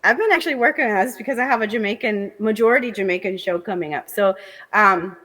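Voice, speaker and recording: A woman's voice: medium pitch, quick pace, a bit bright, big-room sound, poor audio. A young woman guest, a comedian, chatting animatedly in an interview with lots of fillers. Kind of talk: casual interview chat.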